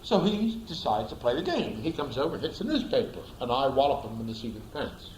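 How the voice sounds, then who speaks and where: A man giving a storytelling lecture in an animated way, repeating words for emphasis. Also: medium pitch, fast talker, reverberant, slight background noise, poor audio. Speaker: speaker, lecturer.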